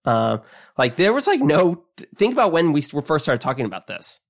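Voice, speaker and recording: Chatty animated man hosting a podcast. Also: on the high side, normal speed, vocal fry. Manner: animated, chatty, trails off and restarts. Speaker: podcast co-host. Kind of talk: casual podcast chat.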